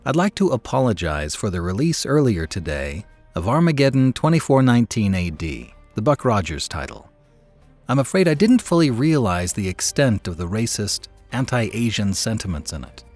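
A man's voice: fairly low pitch, big pitch swings, normal speed, a little mellow, soft background music. A man introducing a story on his audiobook show, speaking earnestly. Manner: earnest, apologetic. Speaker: audiobook host. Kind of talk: podcast introduction.

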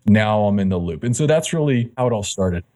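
Lively storytelling man, lowish voice. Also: fairly quick. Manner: animated, acts out quoted dialogue. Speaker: guest, fitness magazine editor. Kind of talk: casual storytelling interview.

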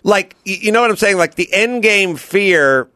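A man's voice: sits high, animated, normal speed, sharp tone, no echo, clean studio sound. A man hosting a podcast in casual chat, telling rambling stories and acting out the voices of people he quotes. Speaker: podcast host.

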